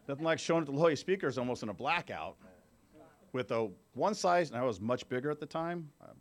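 A man in his fifties giving a candid personal recovery testimony to a group, talking conversationally and checking in with his listeners. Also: fairly high pitch. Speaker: speaker at a recovery meeting.

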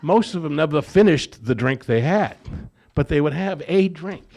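A man's voice: a little high, lively intonation, normal speed, gravelly, darkish tone. A man giving a personal testimony at a recovery meeting, plain-spoken, repeating phrases for emphasis and acting out what others said. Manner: storytelling with acted-out quotes.

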